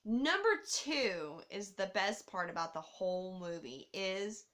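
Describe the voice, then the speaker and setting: A young woman hosting a casual movie review countdown, excitable and swearing, laughing and swooping up and down as she talks. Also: mid-range voice, takes it slowly. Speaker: host.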